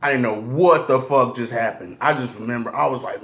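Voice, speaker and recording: A man's voice: mid-range voice, expressive, gravelly, fairly bright tone. A man telling a personal story while eating on camera, slangy and profane, often stopping and restarting. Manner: halting, restarts a lot. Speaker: mukbang vlogger.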